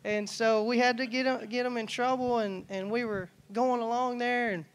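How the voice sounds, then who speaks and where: A man's voice: very high-pitched, steady tone, normal speed, clean tone. A man preaching a conversational sermon, telling personal stories in a loose, folksy way and often restarting his sentences. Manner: folksy, storytelling, acts out quoted dialogue; casual, loose, frequent restarts and asides. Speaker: church staff preacher.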